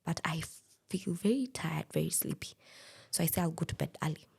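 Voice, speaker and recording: A woman's voice: low voice, animated, brisk, creaky, slightly rough. A woman, speaking candidly as a guest and telling a personal story in a podcast interview. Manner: candid, plain-spoken.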